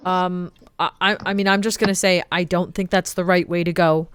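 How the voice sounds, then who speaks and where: A woman's voice: on the low side, flat delivery, a little fast, fairly bright tone, clean tone, no echo. A woman playing a tabletop game, chatting casually and directing the party's moves. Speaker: player.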